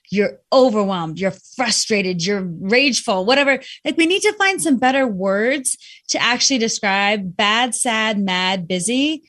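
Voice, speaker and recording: A woman talking reflectively about feelings in a relaxed conversation, speaking in an animated way. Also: high-pitched. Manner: reflective, animated with quoted voices. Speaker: guest speaking on emotions. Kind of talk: conversational explanation.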